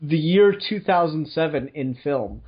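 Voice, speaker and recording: Jokey higher-voiced man, lo-fi audio. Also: lively intonation, unhurried, breathy edge. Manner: jokey, laughs often. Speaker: podcast co-host. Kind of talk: casual chat. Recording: dull lo-fi audio.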